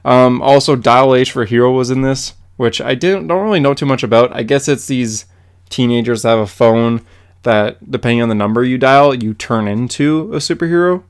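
Young male podcast co-host, smooth clear voice, easygoing chatty recaps. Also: mid-range voice, moderate pace. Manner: animated, filler-heavy comic recaps. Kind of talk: casual chat.

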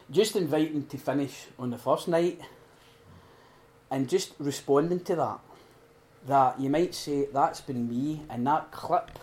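A middle-aged man giving an earnest, heartfelt talk at a recovery retreat. He swings between loud emphasis and hushed, prayerful quiet. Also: mid-range voice, a little hiss or hum. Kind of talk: informal sermon talk.

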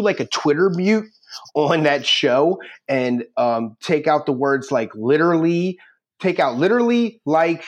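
A man co-hosting a sports podcast, ranting brashly in casual banter and poking fun at himself. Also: mid-range voice. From Philadelphia area, United States. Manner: brash, ranting, self-mocking. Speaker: podcast co-host.

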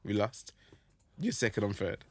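A man's voice: fairly low pitch, sing-song, normal speed, darkish tone, husky, no room sound. A man co-hosting a podcast, bantering playfully and laughing often. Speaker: podcast co-host. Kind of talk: casual banter.

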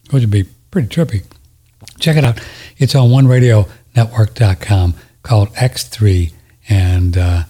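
A man's voice: mid-range voice, dark tone, slightly rough. A man hosting a talk radio show, chatting casually and rambling as he demonstrates an exercise. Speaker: radio host.

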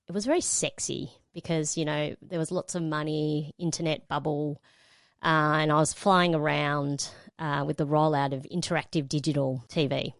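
A middle-aged woman spins a lively story as a guest, jumping into voices for the people she quotes. Her voice sits a little low for a woman and sounds dry and close, with no room around it. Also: no echo. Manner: animated storyteller acting out quotes. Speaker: guest, radio presenter. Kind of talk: storytelling in a panel conversation.

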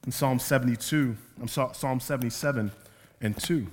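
A man preaching a sermon as a pastor, moving from quiet, slow passages to loud, emphatic ones. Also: mid-range voice. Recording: long hall reverb.

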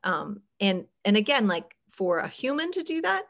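A woman's voice: mid-range voice, big pitch swings, moderate pace, vocal fry, fairly bright tone. A middle-aged woman hosting a podcast, chatting casually with frequent fillers and laughs. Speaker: podcast host.

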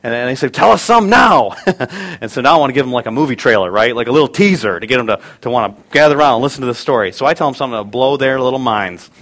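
A man in his thirties, a pastor preaching a sermon, earnest, telling family stories with humor and building to loud emphatic peaks. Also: medium pitch, racing, few pauses.

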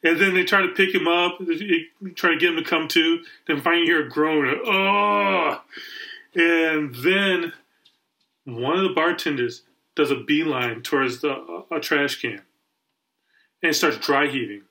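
A man's voice: a little high, moderate pace, poor audio. A man co-hosting a podcast, telling a long story in a casual way and acting out the voices of the people in it. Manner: animated storyteller, acts out quoted voices. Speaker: podcast co-host.

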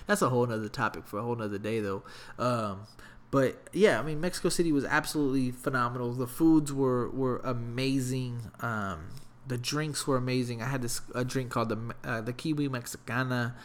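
A man telling a story in a casual, profane, animated rant. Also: mid-range voice, brisk, a little hiss or hum. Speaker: vlogger.

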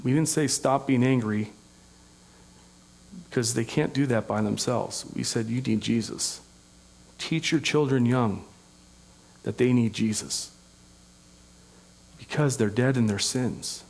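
A middle-aged pastor preaching a sermon in an earnest, conversational way, with folksy asides and humor. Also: male voice, mid-range voice, slow pace, creaky, long pauses, darkish tone.

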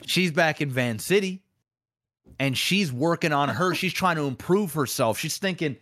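A man hosting a casual gaming podcast, telling a rambling comic analogy in an animated way. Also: on the high side, moderate pace. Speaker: podcast host. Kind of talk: casual chat.

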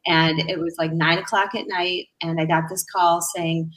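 A middle-aged woman telling her own story as a radio interview guest, halting often with fillers and restarts. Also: on the low side, little pitch movement, a bit bright, low-quality recording. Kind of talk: personal account in a radio interview.

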